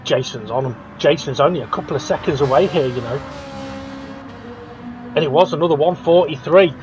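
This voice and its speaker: A man commentating a sim race, excitable, laughing often and jumping up at crashes. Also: a little high, a little fast, music in the background. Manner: excitable, laughs often, rises sharply at incidents. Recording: dull lo-fi audio with clear background noise.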